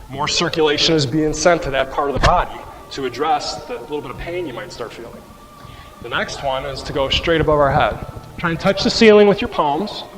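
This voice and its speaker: A man leads a rehab exercise class, talking patiently and conversationally as he guides each movement. His voice sits a little high, and it rings with the long reverb of a large room. Soft music plays faintly underneath. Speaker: qigong and mobility instructor.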